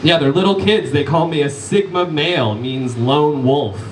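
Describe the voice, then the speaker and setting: Stand-up comedian, punchy crowd-work one-liners. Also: male voice, a little high, moderate pace, slight background noise. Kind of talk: live stand-up set. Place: comedy club stage, live audience. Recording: echoey club room, distant capture.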